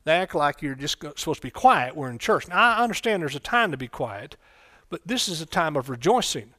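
A man preaching a folksy sermon in church, breaking into loud excited bursts. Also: on the high side, fairly quick, hardly any pauses, dry recording, clean studio sound. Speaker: pastor.

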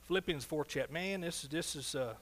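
Animated preaching pastor, fairly high voice. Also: male voice, normal speed. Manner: animated, swings between soft asides and loud exclaiming. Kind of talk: sermon.

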